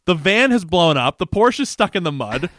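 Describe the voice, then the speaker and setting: A man co-hosting a podcast recaps an episode in loose, excited chat. His voice sits high and leaps all over the place, and he laughs and swears as he gushes. The sound is dry and close. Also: moderate pace, no echo. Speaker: podcast co-host.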